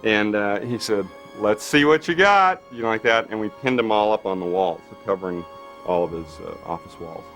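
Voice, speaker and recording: A man's voice: fairly low pitch, little pitch movement, fairly quick, faint music behind. A man in an interview, telling a long anecdote with many fillers and acting out quotes. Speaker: special effects artist.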